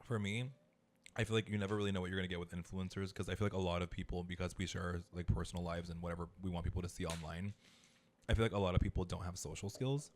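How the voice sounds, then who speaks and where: A man with a low voice talks quickly in relaxed podcast chat. He tells stories with lots of fillers. His delivery is easygoing and gossipy. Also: slight background noise. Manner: chatty storyteller, filler-heavy. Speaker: podcast co-host. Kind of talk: casual chat.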